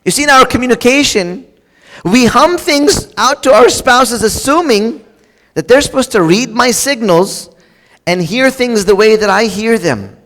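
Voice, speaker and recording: A man preaches in a very high-pitched, fairly bright, expressive voice, going a little slowly. His sermon is light and joking, spoken right to the congregation with casual fillers and restarts, and the long reverb of a large hall fills the recording.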